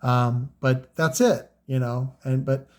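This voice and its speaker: A slow, steady, medium-pitched voice with a slightly mellow quality belongs to a man reviewing the car audio gear he sells. He chats casually without a script, rambling and swearing, with many fillers.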